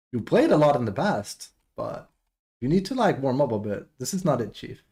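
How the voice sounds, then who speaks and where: A man's voice: medium pitch, sing-song, moderate pace, gravelly, a little mellow. A man streaming a game, ranting bluntly and with plenty of swearing in a casual, exasperated way. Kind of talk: casual live-stream rant.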